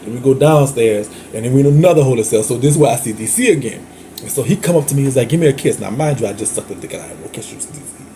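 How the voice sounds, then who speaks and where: A man's voice: medium pitch, animated, rapid-fire, warm tone, a little hiss or hum. A man with a New Orleans accent telling a candid storytime monologue, flamboyant and chatty, laughing often and calling his listeners "girl". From Louisiana. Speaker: host.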